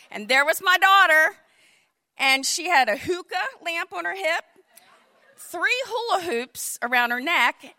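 Bright high-voiced woman telling a comic story. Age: middle-aged. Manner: animated, acts out quotes in shifting voices.

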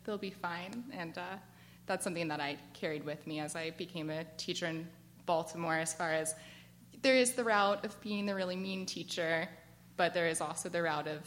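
An American woman in her twenties telling a personal story to a live audience, chatty and animated, with lots of "like" fillers. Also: fairly low pitch, moderate pace, a little hiss or hum. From United States. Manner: chatty and animated, frequent "like" fillers, laughs as she tells it. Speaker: storyteller at a work event.

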